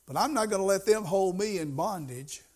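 A man's voice: sits high, expressive, normal speed, a little mellow, slightly rough. A middle-aged man preaching a sermon as pastor, in a folksy, conversational way that rises to emphasis.

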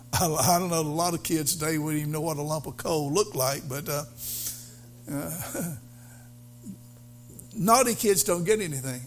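A male pastor preaching a sermon, halting with fillers, then building to fervent emphasis. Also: on the high side, a bit bright, a little hiss or hum.

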